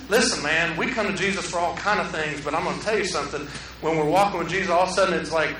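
A man's voice: high voice, expressive, quick pace, distant mic, background noise. A male pastor, preaching a sermon in folksy storytelling style, acting out quotes. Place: church sanctuary. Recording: echoey hall, preacher away from mic.

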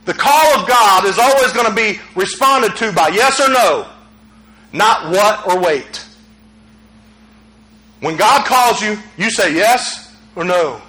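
A male pastor, preaching a sermon in a conversational way that climbs to shouts. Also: sits high, rough recording.

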